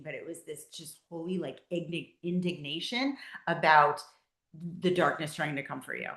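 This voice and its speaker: A woman chatting casually on a faith podcast, telling stories in an animated way with lots of fillers. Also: low-pitched, normal speed. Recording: roomy echo.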